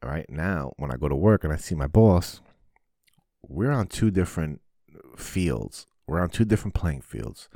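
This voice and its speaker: A man hosting a podcast, talking in a blunt, profane, animated monologue. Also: extremely low pitch, dry recording, clean studio sound. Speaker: podcast host. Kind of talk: casual monologue.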